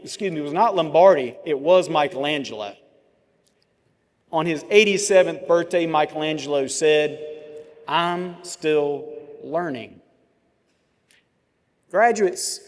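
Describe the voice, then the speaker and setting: A man, giving a commencement address with measured oratory, dramatic pauses and vivid storytelling. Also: fairly high pitch. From Georgia, US. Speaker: commencement speaker. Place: large ceremony venue. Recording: long reverb of a large venue.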